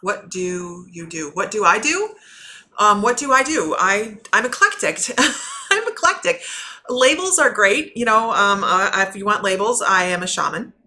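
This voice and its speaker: A woman's voice: mid-range voice, animated, moderate pace, sharp tone, slight background noise. A woman working as a spiritual medium, chatting loosely to viewers on a live stream, rambling and cutting herself off and laughing often. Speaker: spiritual medium giving readings.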